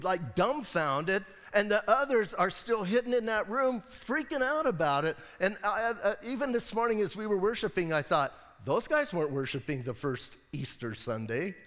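A man preaching a sermon as pastor, telling the story in a lively, conversational way and often checking in with his congregation. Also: high-pitched. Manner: animated storytelling. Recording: long hall reverb from the church.

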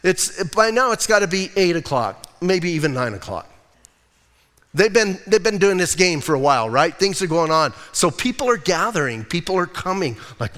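Casual, animated pastor in a reverberant hall. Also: male voice, sits high, moderate pace. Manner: casual, animated Bible storytelling. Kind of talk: sermon. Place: church sanctuary.

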